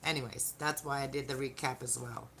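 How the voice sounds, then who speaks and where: A woman's voice: rumbling low, fairly even intonation, a little fast, fairly bright tone, slight background noise. A woman giving a casual live-streamed tarot reading, chatting to viewers and often restarting her sentences. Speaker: tarot reader.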